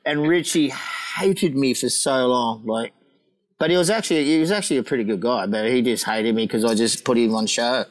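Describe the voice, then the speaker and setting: A man's voice: medium pitch, brisk, low-quality recording. A middle-aged man, a former pro surfer, telling a rowdy anecdote with laughs and acted-out quotes. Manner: laughing storyteller, acts out quotes.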